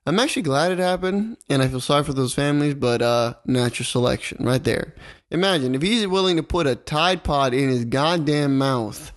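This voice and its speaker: A man's voice: fairly high pitch, a little fast. A man in a casual chat, joking crudely and bluntly.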